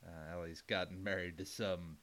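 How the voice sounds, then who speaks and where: A man's voice: sits low, steady tone, moderate pace, fairly bright tone. A man co-hosting a casual podcast, recapping a film with dry, wry jokes. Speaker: podcast co-host. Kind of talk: casual movie recap chat.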